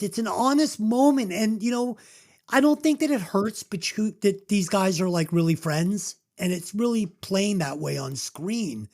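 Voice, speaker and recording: Podcast co-host, casual movie chat, animated pitch, emotional, choked up, swears a lot.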